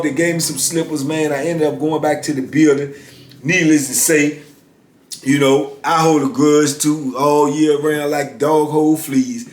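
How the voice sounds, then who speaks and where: A middle-aged man spins a story in loose, colloquial talk, now and then slipping into the voices of the people in it. His voice sits a touch high for a man. The sound carries a roomy echo. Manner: animated, colloquial, acts out others' lines. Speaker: former prisoner telling his story. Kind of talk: casual storytelling.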